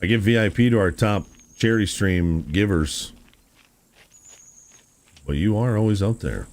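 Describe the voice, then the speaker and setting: A man's voice: fairly low pitch, measured pace, darkish tone. A man streaming a video game, chatting casually and musing aloud to his viewers, often calling them "dude". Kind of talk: casual live-stream gameplay chat.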